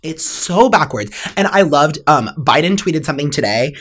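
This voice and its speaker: A young woman with a very low voice holds forth in a loose, filler-heavy podcast chat. She sounds exasperated and keeps circling back to vent. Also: lively intonation, moderate pace. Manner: exasperated, ranting, frequent fillers. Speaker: podcast co-host. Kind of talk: casual chat.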